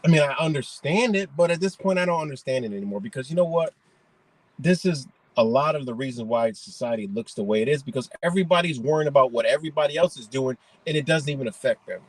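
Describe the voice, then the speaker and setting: A man's voice: mid-range voice, expressive, fast, no echo, rough recording. A man ranting indignantly in a profane, rambling monologue.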